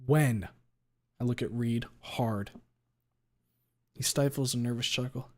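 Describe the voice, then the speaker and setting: Brief: male streamer doing first-person narration, slow and deliberate, mid-range voice. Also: mid-range voice, steady tone, darkish tone. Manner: unhurried, sometimes rereads a stumbled line. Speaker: streamer reading a story aloud. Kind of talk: first-person story reading.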